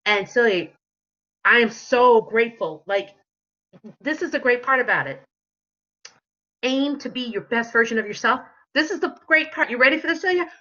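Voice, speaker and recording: Casting note: woman motivational speaker, bright and forceful, lo-fi webinar audio. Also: on the high side, animated, moderate pace. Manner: emphatic, repetitive motivational delivery.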